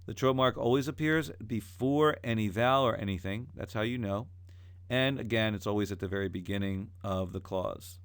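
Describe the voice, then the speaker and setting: A man teaching a recorded lesson, explaining calmly and then chanting the examples himself. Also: on the low side, normal speed, smooth, no echo. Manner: alternates plain explanation with chanting. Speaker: cantillation teacher.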